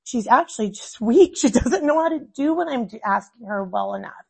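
Husky-voiced animated woman in her thirties. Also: fairly high pitch, normal speed. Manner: animated, acts out quoted family dialogue. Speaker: mother and guest. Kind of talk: casual conversation.

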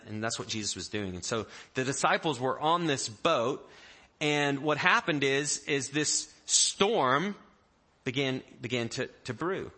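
A man preaching a sermon in a conversational, animated way, acting out the story with quoted voices. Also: medium pitch. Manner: animated, acts out the disciples' panic in quoted voices; conversational, with restarts and small jokes. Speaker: pastor.

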